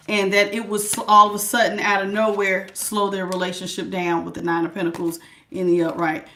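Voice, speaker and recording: A woman doing a casual live tarot reading, chatty and lively, calling her viewers baby and honey. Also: medium pitch, brisk, slight background noise. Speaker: tarot reader.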